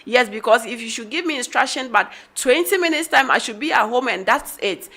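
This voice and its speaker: Bright-voiced woman telling her story. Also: on the high side, brisk. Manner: animated storytelling, acting out dialogue. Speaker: guest. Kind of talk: personal story on a radio talk show.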